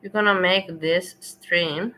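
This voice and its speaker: A woman's voice: on the low side, fairly even intonation, slow, pushed and bright, rough recording. Blunt opinionated woman streamer. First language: not English. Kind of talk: casual livestream commentary.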